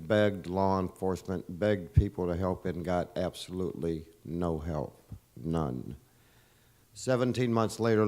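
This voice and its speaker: A man's voice: sits low, a little mellow. A man, leader of a volunteer search group, giving an earnest, emotional statement at a press conference. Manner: earnest, emotional, insistent and repetitive.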